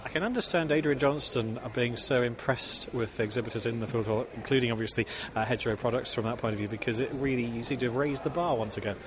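A man's voice: medium pitch, quick pace, few pauses, background noise. A man hosting a roving show interview, chatty and rambling with jokes. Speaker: show host.

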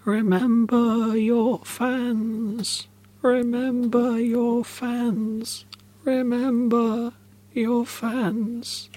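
A man voicing the Ghost of Christmas Past, a solemn male spirit, speaking slowly and portentously, with a husky voice. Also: very high voice, flat delivery, a little mellow, voice pushed up, heavily acted. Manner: slow, drawn-out, portentous.

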